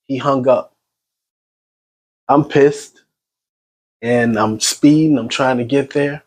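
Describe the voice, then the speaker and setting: Shaken grieving man, halting retelling. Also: medium pitch. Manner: agitated, halting retelling with restarts. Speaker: son recounting his mother's death. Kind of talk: personal spoken testimony.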